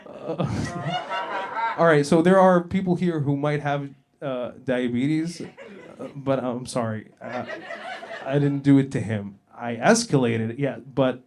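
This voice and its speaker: A man's voice: medium pitch, fairly even intonation, a little slow, a little mellow, a little hiss or hum. A man from Libya doing a brash, profane stand-up comedy set on a club stage, often laughing at his own jokes.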